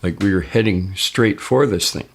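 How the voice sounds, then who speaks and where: An older man, interviewed, casually recounts a first-person experience, his voice jumping up sharply whenever he quotes someone. He has a low-pitched voice and a moderate pace, with slight background noise.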